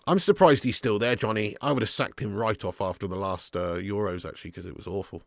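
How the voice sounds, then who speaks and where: Slightly fast and gravelly, with a fairly low pitch, this man's voice comes through in studio-quality audio with no echo. He runs a live football watch-along stream, reading out chat, laughing frequently and chatting with viewers while a little ill and snotty.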